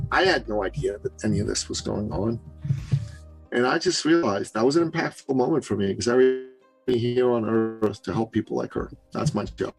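Guesting on a podcast, a business coach from Canada speaks in a husky, mid-range voice at a moderate pace, animatedly recounting a story and mimicking the people he quotes. Soft music plays behind him in this storytelling interview, and the audio quality is poor.

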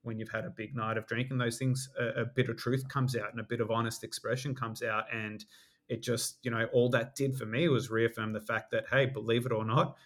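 A man who works as a life coach, speaking as a podcast guest in a measured, reflective way with many "you know" fillers. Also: mid-range voice, level tone, fairly bright tone. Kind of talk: reflective interview talk.

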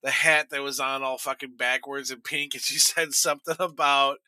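A man's voice: mid-range voice, fairly even intonation, normal speed, bright, forceful tone, no room sound. A middle-aged man co-hosting a casual podcast chat, blunt and profane, often laughing. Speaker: podcast co-host.

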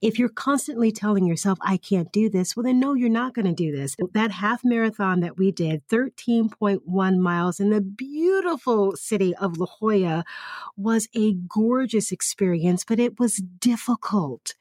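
A woman's voice: medium pitch, animated, moderate pace, darkish tone, no echo, clean studio sound. Encouraging woman podcast co-host. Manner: encouraging, motivational, lots of listening murmurs. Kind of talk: casual chat.

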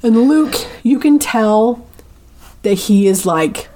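A woman's voice: on the high side, lively intonation, takes it slowly, noisy background. A woman co-hosting a casual podcast, retelling a film scene by scene and acting out the characters' lines. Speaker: podcast co-host. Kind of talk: casual movie recap.

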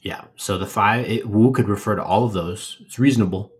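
A man co-hosting a podcast, explaining things in a relaxed, casual way with playful asides. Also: fairly low pitch, brisk, husky. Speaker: podcast co-host. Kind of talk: casual educational chat.

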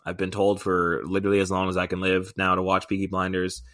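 Easygoing young man, lowish voice. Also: completely flat delivery, quick pace, a bit bright. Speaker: podcast co-host. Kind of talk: casual chat.

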